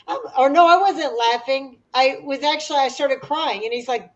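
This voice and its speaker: High-pitched woman, livestream host, laughing storyteller, dull lo-fi sound. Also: moderate pace, hardly any pauses. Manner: laughs often, tells stories loudly. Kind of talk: casual group chat. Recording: dull lo-fi stream audio.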